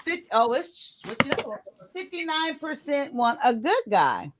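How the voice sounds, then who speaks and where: Chatty woman hosting a talk show, lively pitch. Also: heavy background noise. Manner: chatty, quick to laugh. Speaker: host. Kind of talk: casual chat.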